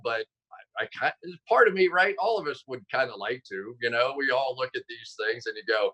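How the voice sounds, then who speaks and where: A man telling stories as a guest on a video call, animated and quick to correct himself mid-sentence. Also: medium pitch, lo-fi sound. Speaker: guest, football analyst. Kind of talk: casual interview chat.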